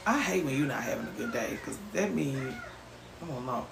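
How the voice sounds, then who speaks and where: Animated woman hosting a live chat. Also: extremely low pitch, a little slow, gravelly. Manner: animated, teasing, swears freely. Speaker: livestream host. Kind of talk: casual live chat reading viewer comments. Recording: roomy echo, faint background noise.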